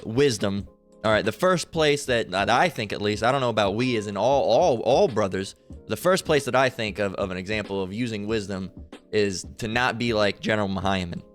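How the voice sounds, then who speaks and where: A man giving angry reaction commentary, profane and heated, quoting scripture between insults. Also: lowish voice. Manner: quotes scripture. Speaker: online commentator.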